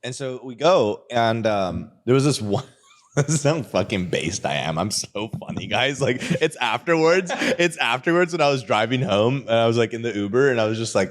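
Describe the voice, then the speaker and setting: A young man spins crude, joking stories in loose podcast chat, laughing as he talks. His voice sits at a middle pitch for a man. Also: expressive, brisk. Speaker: podcast guest. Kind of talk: casual storytelling chat.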